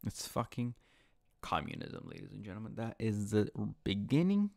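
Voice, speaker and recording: A man's voice: lowish voice, huge pitch swings, moderate pace, vocal fry, a little mellow. A man hosting his own online show, delivering a heated, profane rant from home with lots of swearing and repetition. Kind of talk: profane ranting monologue.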